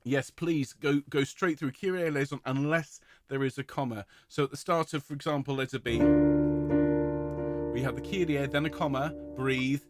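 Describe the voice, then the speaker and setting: A man's voice: medium pitch, fairly even intonation, moderate pace, faint music behind. A man leading an online choir rehearsal, speaking with enthusiasm and praise and now and then singing a vowel to show it. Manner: enthusiastic, warm praise, demonstrates sung vowels. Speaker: choir director.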